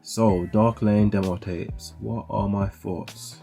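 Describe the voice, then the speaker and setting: A man's voice: fairly low pitch, fairly even intonation, takes it slowly, gravelly, warm tone, soft background music. A young man giving casual, rambling commentary on songs he is reacting to, full of "like" fillers. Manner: rambling, heavy use of "like" fillers. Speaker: music reaction host.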